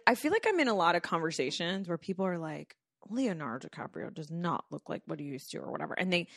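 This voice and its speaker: A woman co-hosting a podcast in casual chat, animated and quick to laugh. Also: lowish voice, no room sound, studio quality. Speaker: podcast co-host.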